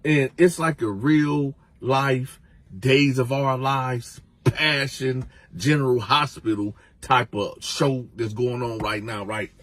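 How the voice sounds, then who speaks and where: A man telling a prison story in a casual, animated way. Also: mid-range voice, slow. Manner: animated, conversational.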